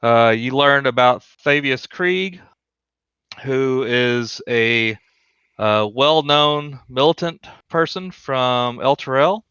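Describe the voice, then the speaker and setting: A man running a tabletop game over voice chat, easygoing and quick. His voice is bright, crisp and clear. The mic sounds dry and somewhat dull. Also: medium pitch, dry recording. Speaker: dungeon master.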